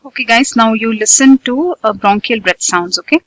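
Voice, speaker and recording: A woman medical tutor with an Indian English accent lectures for a medical exam, repeating key points and quizzing students with frequent "okay" and "guys." Her fairly high, fairly bright voice moves at a moderate pace with no echo, and her style is repetitive drilling.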